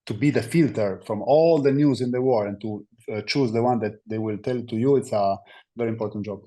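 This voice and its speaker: A man with an Italian accent, speaking English as a second language as a guest on a podcast. His voice sits a little low, and he talks in halting phrases, filling gaps with "uh" and "um" while he reaches for the right word. His answers are thoughtful and reflective. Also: warm tone. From Italy. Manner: halting, searching for words with many fillers. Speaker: guest, basketball player.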